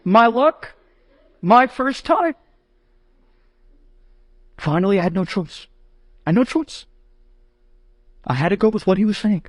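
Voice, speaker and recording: A rabbi telling a story dramatically, building to high, excited outbursts. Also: male voice, a little slow, pauses often, no room sound. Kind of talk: animated storytelling to an audience.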